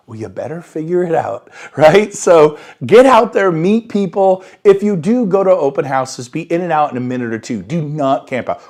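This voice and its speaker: An energetic man coaching real estate agents in a motivational talk, with a voice that sits a little high. He bursts into enthusiasm and acts out quoted phone calls to make his points. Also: moderate pace. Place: Sacramento area.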